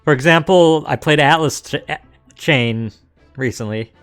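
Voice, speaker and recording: A man's voice: on the high side, moderate pace, a bit bright, smooth, faint music behind. A man casually chatting and joking with a co-host while streaming a game over a voice call. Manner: joking, playful banter. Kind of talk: casual chat.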